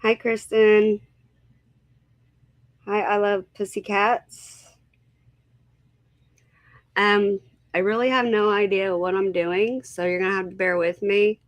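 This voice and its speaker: A woman hosts a casual livestream at an unhurried pace, greeting her viewers by name one after another. She talks with a slightly unsure, easygoing manner. Her voice is dry and close, with no room sound around it. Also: mid-range voice, level tone, dry recording. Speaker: livestream host.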